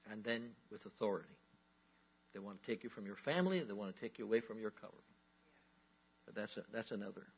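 A man preaching a sermon as a pastor, emphatic, drawing out key words and rising into animated bursts. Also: fairly low pitch, quick pace, long pauses, husky. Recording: dull lo-fi recording.

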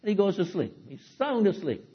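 A husky, fairly high-pitched male preacher delivers a sermon with a very lively, animated voice. He swings between loud, dramatic outbursts and low, hushed asides. The recording sounds dull and lo-fi. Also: fairly quick.

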